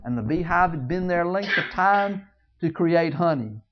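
A preacher telling a Bible story in a sermon, swinging between loud, high outbursts and hushed low asides, joking with the congregation. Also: lively intonation, moderate pace, background noise. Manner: jokes with the congregation. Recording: dull lo-fi recording.

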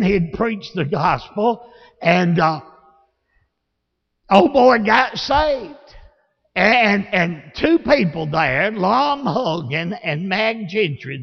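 A man with a Southern accent preaching a sermon, telling folksy stories and rising to shouts. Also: high voice, creaky. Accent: Southern American. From Alabama. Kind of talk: sermon with storytelling. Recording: lo-fi, long reverb of a church hall.

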